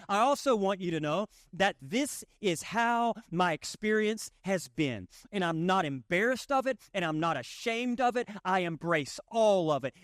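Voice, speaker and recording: A man's voice: sits high, a bit bright, dry recording, clean studio sound. A man with a Southern accent giving a conversational sermon as pastor, joking and repeating lines for emphasis. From Southern United States. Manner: folksy, joking, emphatic repetition.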